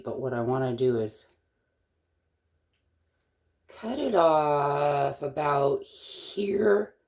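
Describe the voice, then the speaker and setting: A middle-aged woman from Eastern Washington, chatting casually and thinking aloud as she shows a wire-wrapping craft, with the odd corny joke. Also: rumbling low. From Eastern Washington, USA. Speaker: jewelry-making tutorial host.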